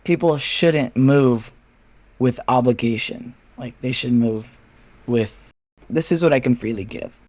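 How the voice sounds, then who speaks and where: A man's voice: medium pitch, darkish tone, no room sound. A man talking candidly as a podcast guest, frank and casual with swearing, acting out his friends' replies as he tells stories. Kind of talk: candid personal conversation.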